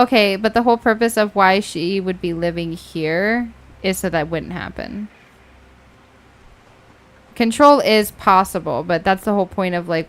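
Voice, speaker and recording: A woman streaming a video game with a friend, chatting casually in an animated, giggly, teasing way. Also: on the low side. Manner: animated, giggly, quick to tease. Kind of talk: casual gameplay chat.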